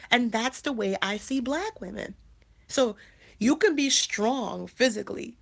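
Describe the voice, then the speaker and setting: A woman in her thirties talks straight to her viewers in a casual livestream. Her voice sits on the higher side. She speaks emphatically, repeats her key phrases and often restarts her sentences. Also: vocal fry. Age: 30s. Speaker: life coach and channel host.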